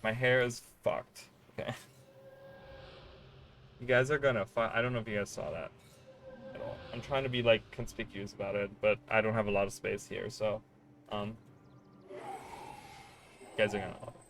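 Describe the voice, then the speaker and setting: A man streaming live, chatting casually with his viewers in a rambling, excitable way and swearing freely. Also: on the low side, normal speed, long pauses, a little hiss or hum.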